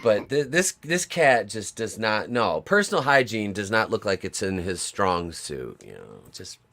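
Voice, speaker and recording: A man's voice: fairly low pitch, sing-song, measured pace, fairly bright tone. A man on a casual online panel, rambling and stammering as he jokes along. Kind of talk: casual panel chat on a livestream.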